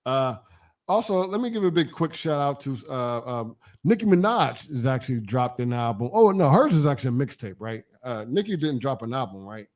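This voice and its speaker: A man's voice: medium pitch, sing-song, brisk. A man co-hosting a casual live stream, talking in a laid-back, hesitant way with frequent restarts. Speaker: co-host.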